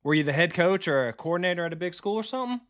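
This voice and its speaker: His voice sits high, fairly bright and smooth, with lively intonation and a very fast pace. The man, a streamer who also coaches football, casually commentates on his football video game live, swearing freely and talking to his viewers.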